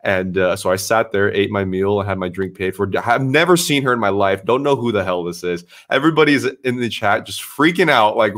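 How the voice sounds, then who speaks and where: Man, streamer, low voice, animated storyteller, casual chat, swears. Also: fairly quick, few pauses.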